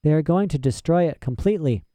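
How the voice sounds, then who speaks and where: A man voicing a calm, ageless female witch queen in a storybook reading, speaking in a measured, grave way. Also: fairly high pitch, dry recording, pitched above the performer's own voice, natural voice.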